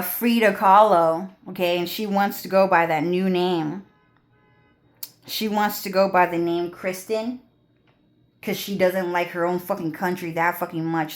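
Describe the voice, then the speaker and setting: A young woman vlogger ranting to her viewers in a crude, swearing, rambling way, full of fillers. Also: on the low side. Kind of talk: rambling profane rant to viewers.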